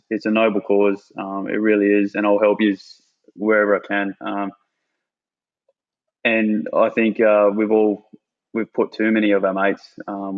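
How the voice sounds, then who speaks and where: Heard through dull audio, a man with a lowish voice and an Australian accent talks casually as a podcast guest. He's a former army sniper, relaxed, cursing freely and dropping "mate" often.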